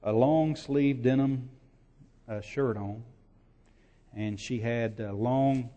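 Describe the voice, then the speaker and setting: A man preaching a sermon as pastor, repeating his points and rising from quiet storytelling to loud emphatic preaching. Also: mid-range voice, slow. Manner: builds from quiet to shouting, repetitive emphatic preaching.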